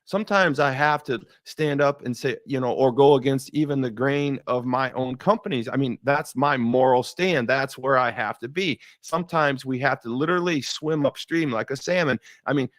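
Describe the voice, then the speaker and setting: A man hosting a faith-based talk show, telling stories in an animated way, often repeating words and laughing. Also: medium pitch, moderate pace, few pauses, no echo, studio quality. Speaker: show host.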